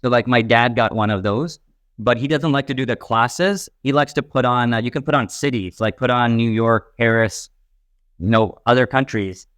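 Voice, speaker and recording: A young stand-up comedian from a Pakistani family who grew up in Texas, telling stories in a rambling, animated way full of fillers. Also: male voice, mid-range voice, moderate pace, dry recording, studio quality. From Pakistani family, raised in Texas, later Canada. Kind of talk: casual interview talk.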